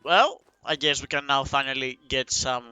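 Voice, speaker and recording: A man's voice: mid-range voice, moderate pace, pushed and bright, clear, resonant tone, soft background music, rough recording. A man casually commenting on a story game as he plays it, chatty and musing aloud. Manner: chatty, reads game text aloud, muses and trails off. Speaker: let's play streamer.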